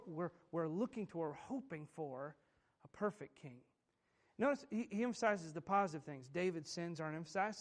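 A man preaching a sermon, emphatic and repetitive, asking rhetorical questions of his listeners. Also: high-pitched. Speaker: pastor.

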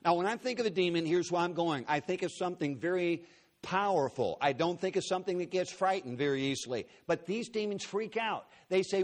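A man's voice: high-pitched, lively intonation, fairly quick. A man preaching in a large auditorium, telling a story with earnest drama and acting out the quotes. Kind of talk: sermon storytelling.

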